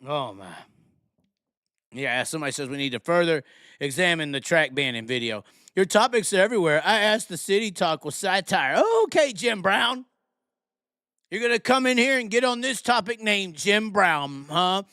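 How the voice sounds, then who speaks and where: A man's voice: high voice, lively intonation, normal speed, sharp tone, smooth, no echo, clean studio sound. A man hosting a live motorsports talk stream, ranting in a sarcastic, mocking way to his chat. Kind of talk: live call-in chat show.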